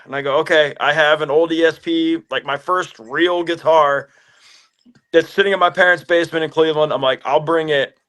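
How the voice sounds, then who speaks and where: A musician in a casual interview, telling stories with lively acted-out phone calls. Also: male voice, a little high. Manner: animated storyteller, acts out phone calls.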